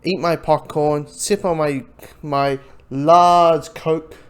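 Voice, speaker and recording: A man's voice: fairly high pitch, steady tone, takes it slowly, clean tone. A man giving a casual, rambling spoken review of a movie, talking loosely and sometimes slipping into the voices of the people he quotes. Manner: rambling, acts out quoted lines. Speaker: film reviewer.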